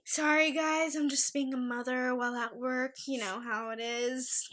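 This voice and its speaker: A young woman hosting a casual solo podcast, chatty and animated as she rants about pet peeves. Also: sits high, normal speed, hardly any pauses. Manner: chatty, animated, talks to her dog in a soft baby voice. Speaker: podcast host.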